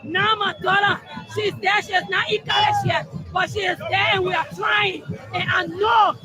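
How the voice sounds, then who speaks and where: A woman's voice: extremely high pitch, steady tone, moderate pace, shouting. A woman interviewed on the street, speaking in a fervent, prayerful way that rises into calling out. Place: outdoors on a busy street. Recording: outdoor crowd and traffic noise.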